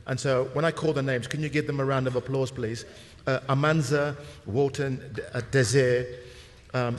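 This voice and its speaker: A man moderating a panel, talking to the audience in an affable, informal way. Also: medium pitch. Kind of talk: speech to a conference audience. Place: large conference hall. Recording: reverberant hall with faint noise.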